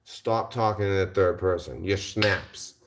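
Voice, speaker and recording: A man's voice: low voice, unhurried, a little hiss or hum. A male livestream host answering his chat in a combative, mocking rant, repeating his insults.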